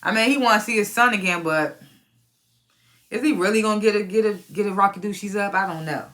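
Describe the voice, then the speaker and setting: A woman reviewing a TV episode recaps it casually in a mid-range voice at a quick pace. She's profane and animated, laughing often and acting out the characters' lines.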